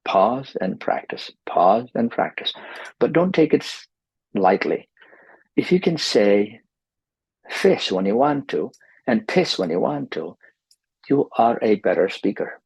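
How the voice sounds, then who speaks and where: A man's voice: mid-range voice, lively intonation, measured pace, gravelly, pauses often, a little mellow, breathy edge, no echo, low-quality recording. A man teaching pronunciation in an instructional video, talking emphatically and repeating his key advice.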